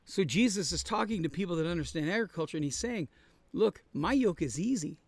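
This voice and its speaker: A pastor leading a Bible study, preaching in an earnest, conversational way and repeating key words for emphasis. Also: male voice, high voice, animated, fairly quick, vocal fry, no room sound. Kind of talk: sermon-style Bible study. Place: traveling, on the road.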